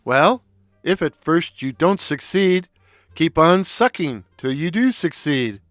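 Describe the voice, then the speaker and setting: A man performs a boisterous, childlike Brooklyn clown with a short stocky build and a perpetually baffled air. He talks loud, stammers when scared and breaks into squeaky falsetto. The audio story is dry and close, with faint music underneath. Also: lively intonation, takes it slowly, no echo. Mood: indignant.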